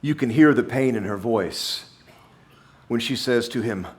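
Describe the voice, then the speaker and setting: A man's voice: mid-range voice, measured pace. A man preaching a sermon as pastor, reading scripture aloud and then driving points home by repeating key phrases with emphasis.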